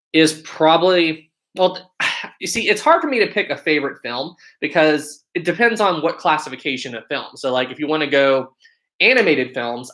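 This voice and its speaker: Streaming from home in the United States, an upbeat host greets viewers individually and reads their comments out loud in a relaxed, chatty way. The voice sits at a medium pitch with a slightly bright quality.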